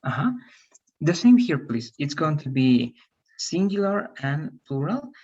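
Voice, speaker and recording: A teacher giving feedback and pronunciation drills in an online English class, patiently repeating words slowly. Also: mid-range voice, sing-song, darkish tone, husky, lo-fi sound.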